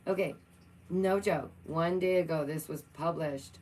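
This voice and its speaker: A young woman chats playfully through the news, her voice sitting on the low side. Faint noise hums behind her. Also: fairly even intonation, measured pace, a little mellow, low-quality recording. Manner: playful, chatty, talks to her cat between reading. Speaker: vlogger. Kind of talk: casual chat reacting to news.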